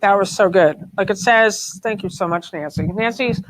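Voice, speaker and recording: A woman leading a spiritual discussion group, responding to members and animated when quoting them. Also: mid-range voice, normal speed. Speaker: group leader.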